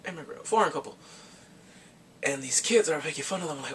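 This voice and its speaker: A man's voice: fairly high pitch, expressive, fairly quick, a bit bright, slight background noise. A man casually retelling a movie's plot for his review, chatty and rambling with lots of filler restarts. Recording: voice slightly distant from the mic.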